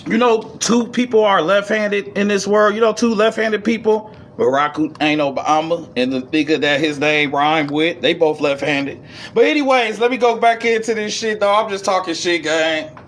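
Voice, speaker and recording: A man giving a casual esoteric lecture, reading passages aloud and riffing on them in profane street slang, swinging between high and low registers. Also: normal speed, fairly bright tone, slight background noise. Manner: reads passages, then riffs in profane slang.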